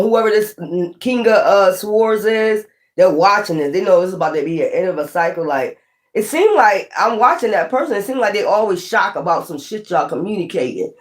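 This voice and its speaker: Rambling, profane tarot reader. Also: medium pitch. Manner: rambling, profane, streetwise slang; emphatic, repeats points. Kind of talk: casual tarot reading.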